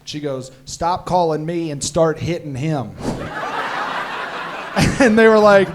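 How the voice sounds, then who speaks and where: A man's voice: a little high, takes it slowly. A man with a slightly raised voice, loose and jokey, laughing as he tells stories. Faint background noise sits behind him. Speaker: comedy tour host, teacher. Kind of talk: casual comedic chat.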